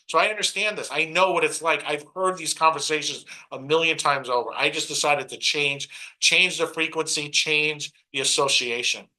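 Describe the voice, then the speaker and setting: A middle-aged man from Brooklyn, giving a motivational stage talk in a preachy, punchy way and mocking other people's excuses in quick put-on asides. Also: fairly high pitch, pushed and bright, rough recording. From Brooklyn, New York. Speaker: motivational speaker.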